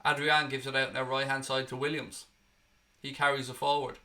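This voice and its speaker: A man from Ireland hosting a fan channel, giving excitable, blunt and sweary live watchalong commentary on a match. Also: medium pitch, moderate pace.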